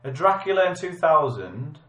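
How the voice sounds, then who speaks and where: A man's voice: a little high, sing-song, normal speed, fairly bright tone. Jokey British man in roomy echo. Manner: jokey, reads film facts off a screen. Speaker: podcast host. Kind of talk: casual film debate chat.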